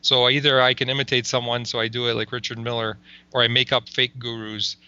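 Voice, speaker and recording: A man with a very bright, sharp-edged voice chatting loosely as a guest and laughing often between his filler-heavy sentences. The sound is dull and lo-fi. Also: medium pitch, flat delivery, fairly quick, clean tone. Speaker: comedy video maker, guest. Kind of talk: casual interview chat.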